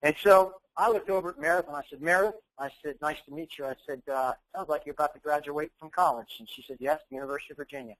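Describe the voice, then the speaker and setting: A man's voice: on the high side, fast, hardly any pauses, fairly bright tone, poor audio. Man telling a story from a stage. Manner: storytelling with emphatic, rising quoted dialogue. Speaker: keynote speaker. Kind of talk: motivational speech.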